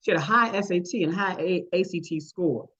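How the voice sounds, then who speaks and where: A woman's voice: fairly low pitch, a little fast, fairly bright tone, slightly rough, lo-fi sound. Older woman presenting an online workshop. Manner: storytelling, acts out quoted voices. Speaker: workshop presenter, retired math teacher. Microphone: video call.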